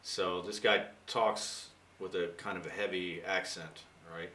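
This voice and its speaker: Low-voiced guy teaching idioms, sharp tone, sounds kinda far from the mic in an echoey room. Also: steady tone, measured pace. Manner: rambling, chatty, many fillers. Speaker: English teacher. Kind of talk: casual video lesson.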